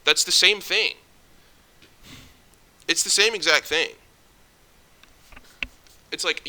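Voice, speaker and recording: Jittery young man with a very bright voice. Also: on the high side. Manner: jittery, stumbles over words; swears often, rambling restarts. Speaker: vlogger. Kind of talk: casual ranting monologue.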